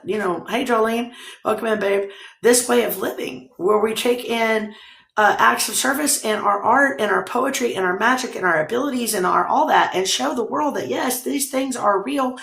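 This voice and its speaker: A woman's voice: medium pitch, vocal fry, a bit bright. A woman hosting a casual livestream, rambling, laughing often and swearing casually. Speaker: livestream host. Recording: roomy echo.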